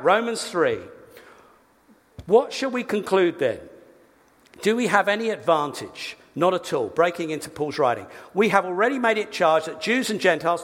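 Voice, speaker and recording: A man preaching a sermon, lively, with quick asides and self-corrections. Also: sits high, big-room sound. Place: church.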